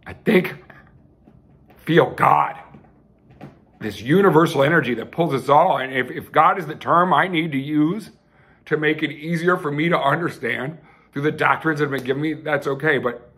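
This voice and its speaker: A man's voice: a little high, moderate pace, a bit bright, husky. A man hosting his own loose, rambling sermon, heartfelt and profane, with frequent restarts. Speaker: self-styled televangelist host.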